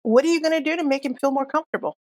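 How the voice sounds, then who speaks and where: Give me a chatty woman game master who laughs a lot, with a fairly high voice and a dry close sound. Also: very fast, no room sound. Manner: chatty, laughing, lots of fillers. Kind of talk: narrating a tabletop game.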